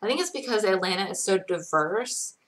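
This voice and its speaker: Answering viewer questions during a casual live chat, a woman in her twenties from Georgia, USA, talks in a chatty, rambling style peppered with "likes" and "ums." She has a light Connecticut-tinged American accent with little Southern to it. Her medium-pitched voice is animated, brisk, and a bit bright.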